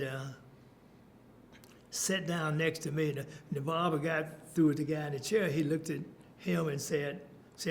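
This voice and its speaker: A man's voice: a little high, slight background noise. An older man, recounting memories in an oral history interview, chuckling and restarting his sentences. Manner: storytelling, chuckling, many fillers and restarts.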